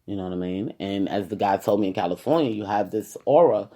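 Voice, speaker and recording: A woman's voice: a bass voice, fast talker, dark tone. A woman with a New York accent, an activist giving a casual, rambling podcast monologue and often saying "you know".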